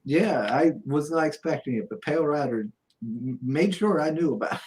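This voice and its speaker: A man talks with a husky, slightly breathy voice in a relaxed podcast chat. He laughs easily as he tells his stories. His voice jumps up high when he acts out other people. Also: normal speed. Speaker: podcast guest. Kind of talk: casual chat.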